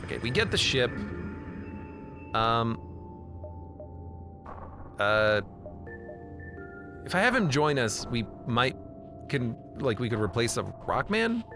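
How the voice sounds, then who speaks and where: Animated man streaming a game. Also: mid-range voice, slow, pauses often, over music. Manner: reads game text aloud and jokes about it. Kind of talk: casual gameplay commentary.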